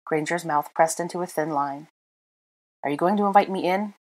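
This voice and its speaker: Low-voiced woman reading a story aloud. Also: moderate pace, a little mellow. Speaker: audiobook reader. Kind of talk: unedited fan fiction read-aloud.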